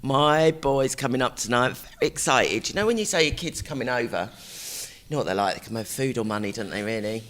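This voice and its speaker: Fast-talking, chatty man. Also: fairly low pitch, expressive, fairly bright tone. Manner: chatty, teasing, quick asides. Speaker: podcast co-host. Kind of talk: casual chat.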